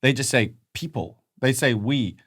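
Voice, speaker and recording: A young comedian co-hosting a podcast, rambling in animated casual chat with many fillers. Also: male voice, mid-range voice, unhurried. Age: young adult.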